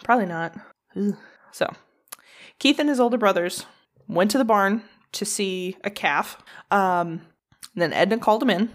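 A woman's voice: medium pitch, normal speed. A woman co-hosting a podcast, telling a true crime story in casual, profane chat. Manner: profane, animated storyteller with mocking quoted voices.

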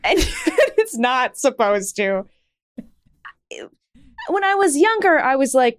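A woman co-hosting a podcast in casual chat, frank and quick to laugh, swearing freely. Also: sits high, big pitch swings, dry recording. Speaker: podcast co-host.

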